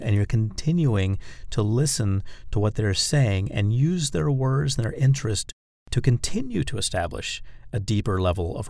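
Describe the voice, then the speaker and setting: A man's voice: on the low side, gravelly, darkish tone, no echo, studio quality. A man giving an instructional talk on dating persuasion, speaking directly to the listener and acting out example phrases. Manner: demonstrates phrases by acting them out; direct, coaching address to the listener.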